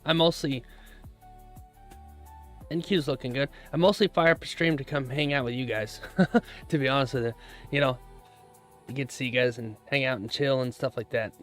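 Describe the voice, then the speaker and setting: A man's voice: mid-range voice, normal speed, pauses often, fairly bright tone, soft background music. A man hosting a trading live stream, chatting casually and easily with his viewers while checking charts. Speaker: livestream host, futures trader.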